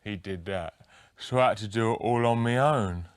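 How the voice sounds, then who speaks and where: An actor playing a childlike, confused male rock guitarist who talks in slow, muddled thoughts in a comedy sketch interview. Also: on the low side, smooth, no echo, clean studio sound, lightly acted.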